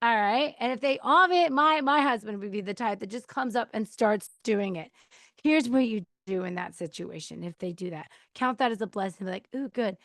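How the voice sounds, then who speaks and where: A woman hosts a podcast, offering a casual advice monologue about choosing peace, chatting away, acting out quoted replies and laughing now and then. Her mid-range voice is animated and fairly bright at a normal speed, captured on a mic on a counter with studio quality and no echo.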